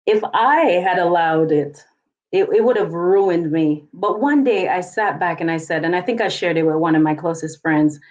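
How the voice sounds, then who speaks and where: A woman author and poet, a guest telling her own story calmly and reflectively. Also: lowish voice, muffled recording. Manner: calm and reflective, measured. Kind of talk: interview, personal story.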